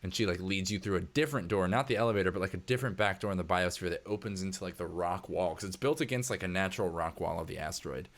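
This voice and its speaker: A man's voice: low-pitched, fast, hardly any pauses, fairly bright tone. A man narrating a tabletop game as game master in a casual manner, full of filler words.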